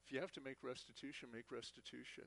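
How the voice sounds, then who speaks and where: A man's voice: medium pitch, fairly even intonation, fast, gravelly, fairly bright tone. A man teaching a Bible class, speaking earnestly and often repeating words as he talks. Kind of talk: church teaching talk.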